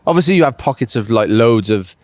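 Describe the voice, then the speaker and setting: This is a pro cyclist from Wales, a man in his late thirties, chatting loosely after a race. His mid-range voice is expressive and fast, with no room sound, and his rambling answers are full of "like" and "mate."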